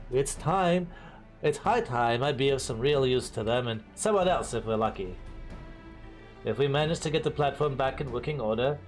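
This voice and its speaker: A man's voice: on the high side, pitched above the performer's own voice, lightly acted. Nasal, formal game supervisor with a monocle, as a man puts him on; earnest and persuasive.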